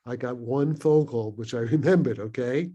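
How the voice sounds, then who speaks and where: A man's voice: medium pitch, moderate pace, dark tone, breathy edge, lo-fi sound. A man in his eighties, originally from Brooklyn, telling a long story as a panel guest, rambling and digressive with many fillers, restarts and chuckles, heard over a video call.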